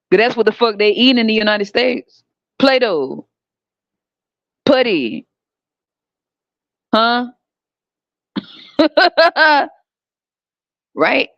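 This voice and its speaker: A woman's voice: mid-range voice, no room sound. Woman host, blunt and sarcastic, swearing through a heated rant; dull, dry recording. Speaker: podcast host. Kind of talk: profane ranting monologue.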